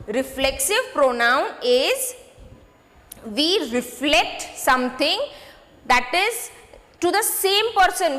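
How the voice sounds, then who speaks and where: A woman teaching a grade six grammar lesson, repeating points slowly and checking in with students. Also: high voice, a bit bright, in a large hall. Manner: slow, repetitive, addresses students with "okay?" checks.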